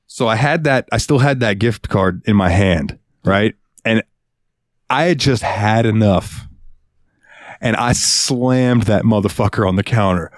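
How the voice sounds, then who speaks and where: A man co-hosting a podcast, telling a work story in an animated, profane, casual way. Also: lowish voice, unhurried, no room sound, clean studio sound. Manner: animated, profane, swings into voices. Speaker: podcast co-host.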